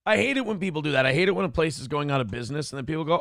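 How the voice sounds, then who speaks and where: A man hosting a morning show, reacting to a clip with loud, profane mockery and shouting now and then. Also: on the high side, quick pace, creaky, hardly any pauses, no echo, clean studio sound. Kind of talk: crude comedic commentary on a clip.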